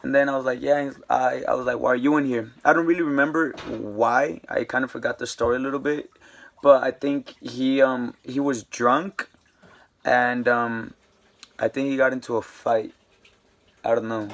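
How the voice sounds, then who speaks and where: Young guy, vlogger, slangy rambling storyteller, middle pitch. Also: fairly even intonation, normal speed. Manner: rambling, slangy, lots of fillers. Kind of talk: casual storytime.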